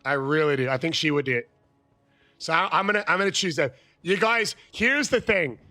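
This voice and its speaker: A man chatting on a live game stream, loud and hyped, often yelling catchphrases. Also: a little high, expressive, brisk, faint music behind. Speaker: gaming streamer. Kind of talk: live gameplay stream chat.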